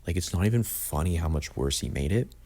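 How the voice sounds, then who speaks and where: A young man with a low, warm voice talks animatedly and fairly quickly as he ranks albums. His review is casual, blunt, full of opinions and frequent "like"s.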